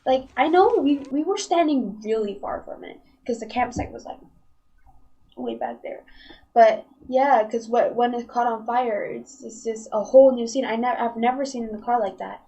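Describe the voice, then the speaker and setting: A woman's voice: on the high side, moderate pace, gravelly, dark tone, breathy edge, poor audio. A woman casually telling a story on a live stream, rambling with lots of "like" and restarts.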